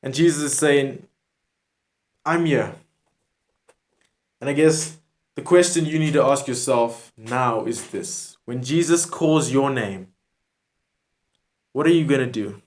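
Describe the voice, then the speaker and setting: Man, spoken word sermon, earnest, pleading, mid-pitched voice, close mic. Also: unhurried, pauses often, darkish tone. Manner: earnest, repetitive, pleading address to the viewer.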